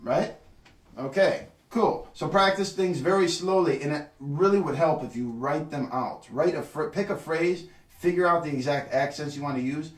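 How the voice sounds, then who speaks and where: A man's voice: medium pitch, far from the mic. Man teaching trumpet in a roomy space. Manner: sings syllables to demonstrate rhythm. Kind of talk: instructional video lesson.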